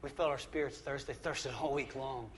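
A man's voice: mid-range voice, fairly even intonation, normal speed, a bit bright, slight background noise. Man preaching a conversational sermon. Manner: conversational, emphatic, frequent restarts and repetition. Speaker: pastor.

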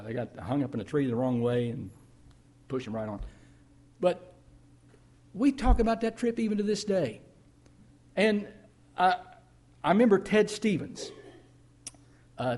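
A man's voice: on the high side, darkish tone. A man preaching a sermon as a pastor, telling stories conversationally with emphatic rises.

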